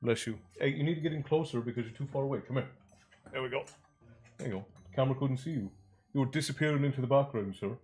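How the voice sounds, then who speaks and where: A man's voice: medium pitch, quick pace, a little mellow, slightly rough. Chatty male streamer. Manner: chatty, reads chat aloud and thanks viewers. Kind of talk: casual live-stream chat.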